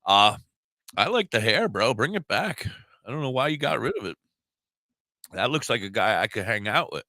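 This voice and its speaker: Brief: male radio co-host, blunt rambling talker, bright, crisp and dry. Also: mid-range voice, big pitch swings, normal speed, no room sound. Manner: rambling, blunt, cheers and swears. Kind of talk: casual radio banter. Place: radio studio.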